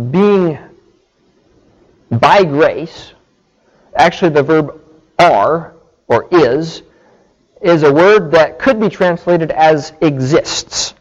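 A man preaching a sermon, explaining scripture slowly and deliberately and checking in with his listeners. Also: fairly high pitch, dull audio. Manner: slow, deliberate teaching with frequent "okay" check-ins.

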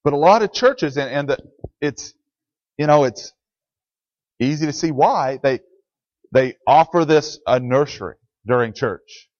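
A man's voice: fairly high pitch, lively intonation, unhurried, pauses often, a little mellow, no room sound. A man preaching a conversational sermon as a pastor in a church, speaking plainly and answering the questions he puts to the congregation. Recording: dry, dull lo-fi sound.

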